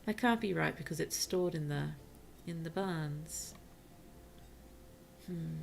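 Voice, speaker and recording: Tired woman streamer, low gravelly voice, slow and soft, often whispering. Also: noisy background. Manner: soft-spoken, gentle, often drops to a whisper. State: tired, yawning. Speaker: virtual streamer. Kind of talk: casual gameplay commentary to chat.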